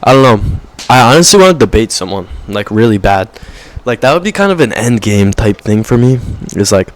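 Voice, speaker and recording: Talking straight to camera, this young man vlogs in a rambling, foul-mouthed rant peppered with "bro." He mocks others with put-on quotes in a higher voice, his pitch swinging widely at a fairly quick clip.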